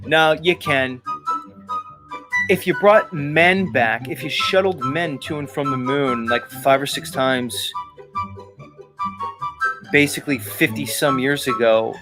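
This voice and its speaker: A man's voice: mid-range voice, takes it slowly, long pauses. Man ranting over background music. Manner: agitated, profane, rambling rant. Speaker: host. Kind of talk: ranting commentary show. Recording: talk show with music playing underneath.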